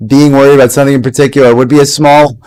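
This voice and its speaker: A man's voice: medium pitch, flat delivery, racing, darkish tone, clear, resonant tone. A young man co-hosting a stream, telling a story in loose, rambling fashion. He stops and restarts his sentences constantly, and laughter breaks in often. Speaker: streamer co-host. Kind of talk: casual chat.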